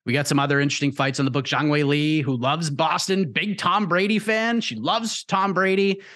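A man's voice: on the high side, fairly even intonation, moderate pace, a bit bright. A man hosting a casual interview, talking in a chatty, enthusiastic way. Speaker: interview host.

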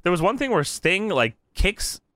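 A man's voice: sits high, very animated, moderate pace, bright, forceful tone, no echo, clean studio sound. A man co-hosting a casual wrestling recap podcast, swearing freely and laughing as he acts out quotes. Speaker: podcast co-host.

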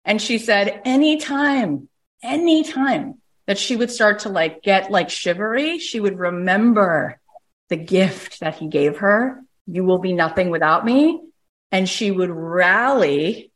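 A middle-aged woman coaching a caller, telling a story with emphatic, lively delivery and frequent "like". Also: medium pitch, unhurried. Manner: animated storyteller, emphatic, uses "like" often. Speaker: host, coach.

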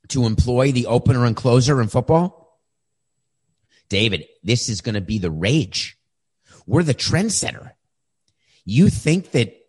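A man's voice: medium pitch, a little mellow, slightly rough, voice pushed up. A man voicing a panicky male head coach who scrambles and hisses orders to his staff during a press conference. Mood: defensive. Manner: frantic, whispering asides to staff.

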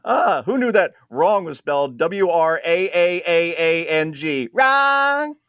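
A man hosting a radio talk show, sarcastic and quick to laugh at his own jokes while he cues up clips. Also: on the high side, smooth, no echo, clean studio sound. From New Jersey.

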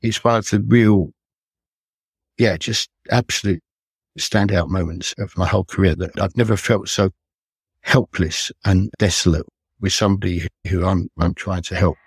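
An older man, a retired police detective, recounting his cases in an earnest, measured, reflective way as a guest on a podcast. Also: low voice, steady tone, breathy edge, no room sound.

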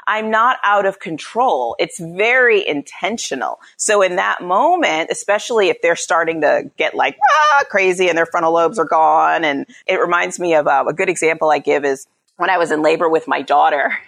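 A woman in her thirties talks as a parenting coach on a podcast, voice sitting a bit low but swinging widely in pitch. She acts out little quoted lines, jumping high and then dropping back down. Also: moderate pace, gravelly. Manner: animated, acts out quotes with big pitch jumps. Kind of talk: podcast interview.

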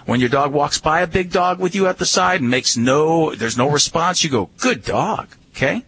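A man's voice: on the high side, fairly quick, a little hiss or hum. A man on a radio show giving dog behavior advice, telling stories emphatically. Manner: emphatic, animated storytelling. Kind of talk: casual radio advice talk.

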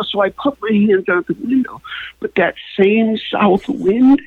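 A man telling a comic story as a guest, animated and building to high excited peaks. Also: a little slow, dry recording, narrow, tinny audio. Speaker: comedian guest.

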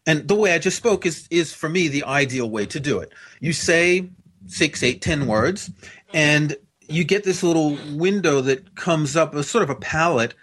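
A man's voice: on the high side, expressive, moderate pace, fairly bright tone. A man with a General American accent, a guest patiently explaining things step by step in an interview. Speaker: guest expert.

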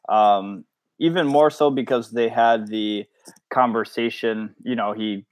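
A man co-hosting a casual sports podcast, thinking aloud in a measured way. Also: fairly low pitch. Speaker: podcast co-host.

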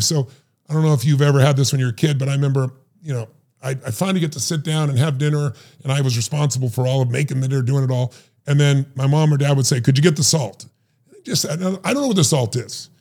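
A middle-aged man telling stories in an animated, emphatic way and acting out the voices he quotes. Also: mid-range voice, fast talker. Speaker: guest, life strategist. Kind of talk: animated storytelling.

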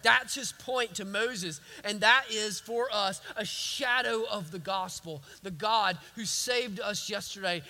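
A man's voice: high voice, sharp tone, in a large hall. A man preaching a sermon as a pastor, emphatic and repetitive.

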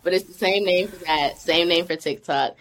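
Low-voiced woman chatting casually. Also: normal speed, gravelly, a little hiss or hum. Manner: relaxed, chatty, laughs easily. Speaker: interview guest, actress. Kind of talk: casual interview chat.

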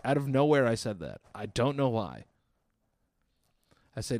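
A man in his thirties telling a profane, exasperated comic story as a podcast host, quickly acting out the people in it. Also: medium pitch, sing-song, darkish tone, no echo. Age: 30s. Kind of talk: solo comedic storytelling.

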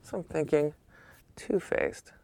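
A man, a photographer telling anecdotes as an interview guest, bringing the people in his stories to life with lively imitations. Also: takes it slowly, vocal fry, no room sound. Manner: animated anecdotes, acting out quoted people with raised pitch. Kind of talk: casual storytelling.

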